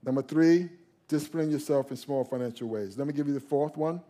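A male pastor preaches a sermon emphatically, slowing down to lean on key phrases. His voice is fairly high and warm.

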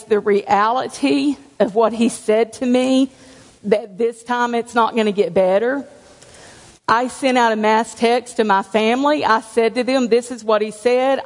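Woman, church testimony, frank and homespun, slightly high voice, long hall echo. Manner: candid, conversational, with self-deprecating humor. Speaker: church speaker giving testimony. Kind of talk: personal testimony to a congregation. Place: church sanctuary.

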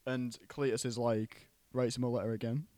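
A man co-hosting a podcast, recapping a film plot in an animated, casual way with plenty of swearing. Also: medium pitch, moderate pace, no echo. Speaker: podcast co-host.

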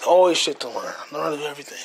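Husky-voiced young American man rambling. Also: a little high, big pitch swings, very fast. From United States. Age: 20s. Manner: profane, rambling, joking; stumbles over words. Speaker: podcast host. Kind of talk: casual solo monologue.

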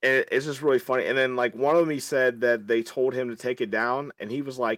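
Rambling opinionated podcast host. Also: male voice, medium pitch, fairly quick, hardly any pauses, no echo. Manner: rambling, animated opinionated rant with restarts. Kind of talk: casual podcast chat.

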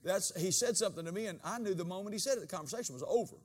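A man preaching a sermon as pastor, swinging between quiet asides and loud, animated bursts, and acting out quoted dialogue in changed voices. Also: high-pitched, rapid-fire.

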